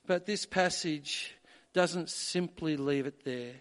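A man preaching a sermon, measured at first and building to emphatic peaks. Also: on the high side, fairly bright tone. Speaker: pastor.

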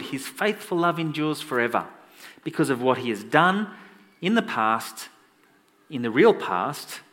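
Animated male preacher in a reverberant hall. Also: medium pitch. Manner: animated, conversational, jokey asides to the congregation. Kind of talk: sermon.

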